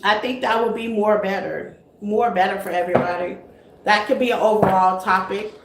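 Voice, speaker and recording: In an echoey room with a little faint noise, a woman runs a tarot live stream and talks casually with her audience, calling them baby and honey. Her pitch is medium and her pace moderate.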